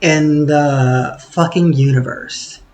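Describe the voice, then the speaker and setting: Sarcastic, cursing vlogger with a highish voice. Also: male voice, steady tone, slow pace, darkish tone, low-quality recording. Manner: sarcastic, swearing freely; rambling with many fillers. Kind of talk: casual vlog monologue.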